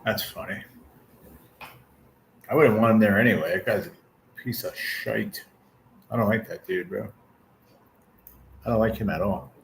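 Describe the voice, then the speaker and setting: A man's voice: lowish voice, moderate pace, gravelly, pauses often, slight background noise. A man in his forties chatting casually with his livestream viewers, venting bluntly and swearing often. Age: 40s. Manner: talks straight to viewers and chat. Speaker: channel host.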